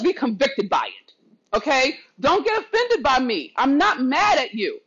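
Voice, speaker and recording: A woman's voice: high-pitched, big pitch swings, a little slow, bright, forceful tone, slightly rough, dull audio. A woman vlogger giving an impassioned, preachy rant to camera, swearing freely and telling viewers she loves them. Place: not at home.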